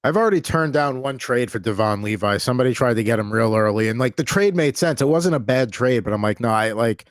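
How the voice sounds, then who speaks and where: A man's voice: mid-range voice, expressive, fast, hardly any pauses, no room sound. Male podcast host, dry close sound. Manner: rambling, many restarts, upbeat. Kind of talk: casual sports podcast chat.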